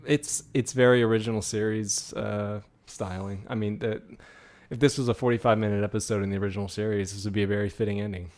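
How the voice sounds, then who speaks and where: A man co-hosting a casual film commentary, laid-back and agreeable, often pausing on fillers. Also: on the low side, steady tone, darkish tone.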